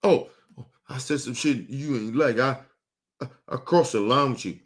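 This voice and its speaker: A man's voice: mid-range voice, moderate pace. A man hosting a show, ranting angrily in with heavy swearing and a lot of repetition. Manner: angry, repeats himself, swears heavily. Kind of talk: heated on-air rant.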